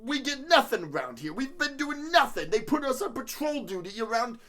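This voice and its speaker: A man's voice: extremely high pitch, big pitch swings, normal speed, pushed and bright, voice pushed up, exaggerated voice. A man putting on a brash New Jersey cop. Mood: swaggering.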